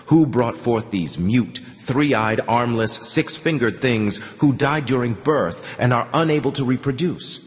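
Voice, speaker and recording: A man's voice: on the low side, very animated, big-room sound. A man voicing a scornful old cult priest. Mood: derisive. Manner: mocking, slow and scornful.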